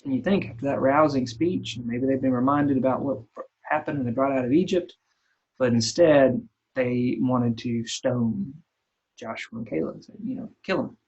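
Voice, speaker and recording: Gravelly man leading Bible study. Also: mid-range voice, normal speed, darkish tone. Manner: retells scripture in plain folksy everyday terms. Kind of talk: casual Bible study teaching. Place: church. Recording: dull lo-fi recording.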